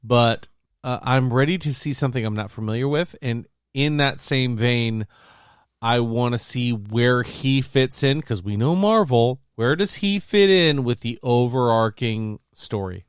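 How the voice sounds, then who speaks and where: A man co-hosting a casual podcast chat about movies and games, excitable and quick to act out quotes. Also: clean tone, no room sound, studio quality. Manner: excitable, acts out quotes in big high voices. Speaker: podcast co-host.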